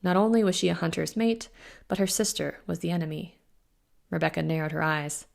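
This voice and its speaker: A woman author narrating her own fantasy novel in a steady, even reading. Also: lowish voice, a little fast, creaky. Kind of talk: audiobook narration.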